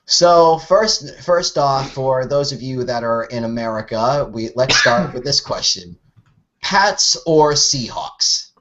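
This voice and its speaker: A man's voice: medium pitch, expressive, takes it slowly, fairly bright tone. Laid-back young man hosting a lo-fi podcast. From New England. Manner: laid-back, laughs often. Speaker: podcast host. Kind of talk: casual podcast chat. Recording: dull lo-fi voice chat audio.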